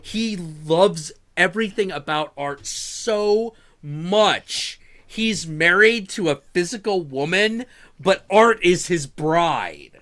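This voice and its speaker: Lively high-voiced man telling stories. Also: slow pace. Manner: animated, swearing, stammering restarts. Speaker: show host. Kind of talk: casual storytelling on a live stream.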